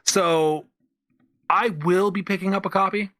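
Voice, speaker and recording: A man's voice: high voice, fairly even intonation, unhurried, fairly bright tone, no echo. A man co-hosting a casual podcast, talking games in a laid-back way with short replies. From central Pennsylvania. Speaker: podcast co-host. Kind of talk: casual chat about games.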